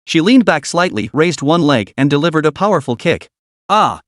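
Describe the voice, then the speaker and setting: A man's voice: fairly high pitch, animated, fairly quick, no room sound, studio quality. A man giving scripted, dramatic narration of a comic recap. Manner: dramatic storytelling.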